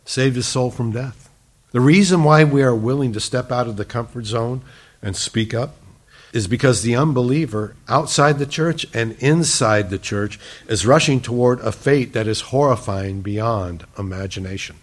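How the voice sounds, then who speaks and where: A middle-aged male pastor preaching a sermon, earnest, shifting between emphatic lines and soft, hushed ones. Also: mid-range voice, normal speed. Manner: earnest, swings from loud emphasis to hushed softness.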